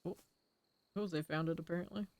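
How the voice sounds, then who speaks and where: A woman's voice: fairly low pitch, fairly even intonation, normal speed, darkish tone. A woman streaming a game, reading its story dialogue aloud and reacting with laughter and swearing in casual commentary.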